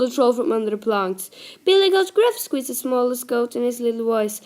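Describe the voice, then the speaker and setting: A woman's voice: fairly high pitch, normal speed, darkish tone. A woman with a Norwegian accent, her first language Norwegian, reading a fairy tale aloud carefully, with slips.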